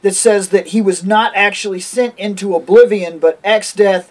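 A co-host on a casual podcast, chiming in calmly and explaining fan theories. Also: medium pitch, moderate pace. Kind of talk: casual chat.

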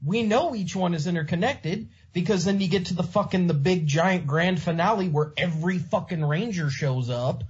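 A man in a casual podcast chat quickly and profanely recounting plots from a show. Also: sits high, darkish tone, husky. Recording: dull lo-fi audio.

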